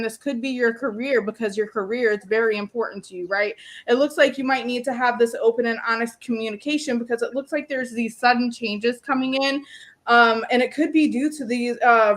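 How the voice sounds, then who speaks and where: Woman reading cards for viewers on a stream, kinda high voice, lots of ums and "my love". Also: a bit bright. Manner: chatty, many ums, calls viewers "my love". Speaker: psychic card reader. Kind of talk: live-stream card reading.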